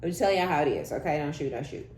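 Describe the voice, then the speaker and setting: Low-voiced blunt woman reading tarot. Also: animated, very fast, a little mellow. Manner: blunt, profane, laughing asides, slangy. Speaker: tarot reader. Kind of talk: casual tarot reading monologue. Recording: echoey room with faint background hum.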